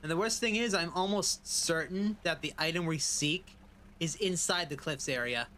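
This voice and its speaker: A man's voice: fairly high pitch, normal speed, bright, forceful tone, slight background noise. A man casually chatting through a live-streamed game, rambling and dropping playful pirate asides.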